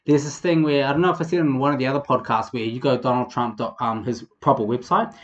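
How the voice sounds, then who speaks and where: A young man from New Zealand with a New Zealand accent, hosting a casual comedic vlog in a rambling, profane, animated way. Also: mid-range voice, fast talker, highs cut off. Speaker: vlog host.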